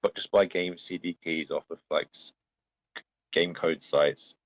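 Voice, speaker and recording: A man talks over voice chat in a very deep voice, matter-of-fact as he looks things up. His mic sounds dull and lo-fi, and very dry. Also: fairly even intonation, a little slow, dry recording. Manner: matter-of-fact, checks facts aloud. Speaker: co-host in voice chat. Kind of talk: casual gaming chat.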